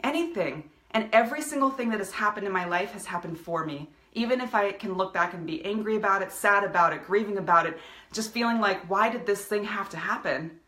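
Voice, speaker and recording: A woman's voice: medium pitch, lively intonation, a little fast, bright, forceful tone, reverberant. A woman giving a passionate motivational talk on a live video stream, speaking as a coach to her viewers. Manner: passionate, fired-up motivational delivery. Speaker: business coach.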